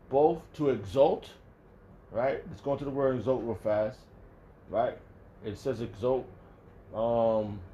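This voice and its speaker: A man in the middle of an informal Bible study, circling back and restarting his thoughts as he goes. His voice sits at an ordinary middle pitch, and his speech is blunt and profane, breaking into sudden loud, angry outbursts. A faint hiss of noise runs underneath. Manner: emphatic and profane. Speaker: religious teacher. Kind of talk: casual Bible study talk.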